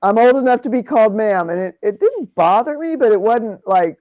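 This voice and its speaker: A woman's voice: a little high, expressive, a little fast, dry recording, highs cut off. A middle-aged woman in casual chat, frank and laughing often.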